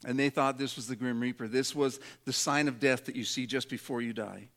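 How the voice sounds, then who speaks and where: A man's voice: mid-range voice, steady tone, brisk, a bit bright. A man preaching a sermon, dramatic, dropping his voice to act out prayers and quotes. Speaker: pastor.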